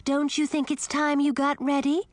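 A woman voicing a stern middle-aged queen who gives slow, clipped orders. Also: high voice, level tone, no room sound, voice pushed up, natural voice.

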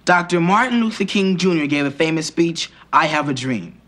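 A defensive teenage son. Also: male voice, on the high side, lively intonation, moderate pace, fairly bright tone. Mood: reading. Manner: reads aloud in a plain school-report style. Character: earnest, slightly defensive teenage boy. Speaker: son reading a school report.

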